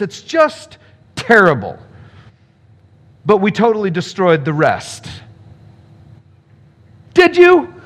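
Animated, high-voiced male pastor. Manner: animated, playful, acts out the characters. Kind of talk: sermon with scripture reading.

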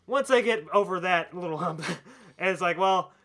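A man's voice: high voice, a little slow. A man co-hosting a casual movie-review podcast, laughing often and swearing freely. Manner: laughs often, profane and animated. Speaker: podcast co-host.

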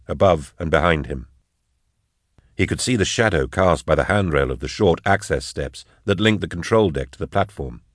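A man reading an action story aloud in a measured, tense storytelling manner. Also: sits low, no echo, clean studio sound. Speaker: narrator. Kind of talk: audiobook narration.

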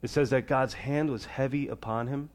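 A man preaching a sermon as pastor, shifting between loud, high emphasis and quiet, low asides. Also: fairly even intonation, moderate pace.

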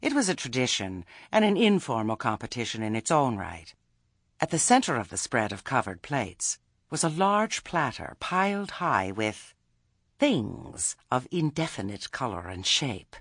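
Male narrator, husky, animated, wry, dry close studio sound. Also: medium pitch, a little slow, no echo. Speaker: audiobook narrator. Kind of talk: scripted narration.

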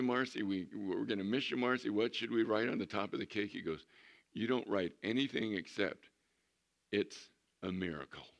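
A male pastor telling a testimony story in a sermon, animated and acting out what people said. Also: fairly low pitch.

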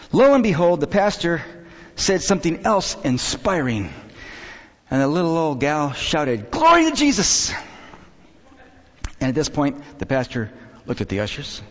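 Lively male pastor preaching in a reverberant hall. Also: medium pitch, moderate pace. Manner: lively, joking, storytelling with acted quotes. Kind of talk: sermon. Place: church sanctuary. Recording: dull hall recording with long reverb.

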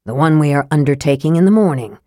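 A woman voicing a sickly young male mage who speaks coldly and scornfully in a soft, low tone. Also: fast, no room sound, studio quality, close to an everyday voice. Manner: cold, scathing, soft and low.

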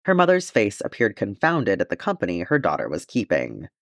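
A man narrating a fantasy fan fiction chapter as an audiobook, in an expressive, steady storytelling way. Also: on the low side, brisk, creaky, dry recording, clean studio sound.

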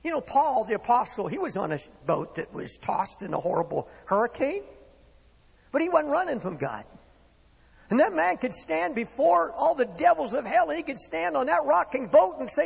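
A man's voice: very high voice, sing-song, normal speed, vocal fry. A man preaching a sermon with impassioned, rising and falling delivery, in a church hall. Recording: long reverb of a hall.

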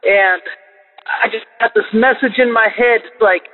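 A man rambles through a story in a phoned-in message. His voice is notably high. It comes over a tinny line with long reverb. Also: fairly even intonation, a little slow. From Oklahoma, US. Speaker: caller.

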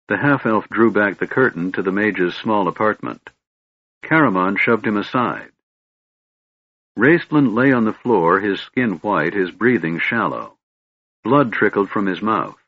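A man narrating a fantasy audiobook in a steady, measured storytelling manner, with a husky voice. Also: on the low side, no room sound, narrow, tinny audio. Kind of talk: scripted narration.

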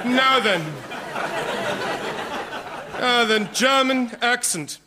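A man's voice: very high-pitched, drawn-out words, a crowd in the background, background noise, exaggerated voice. A man playing a shifty, greedy Victorian male detective in a comedy sketch.

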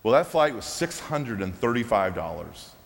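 A man shares a testimony from the pulpit, telling it as a lively story and laughing at his own moments. His voice sits a little low. Long reverb from a large hall trails every phrase. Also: normal speed, vocal fry. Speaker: preacher sharing a testimony.

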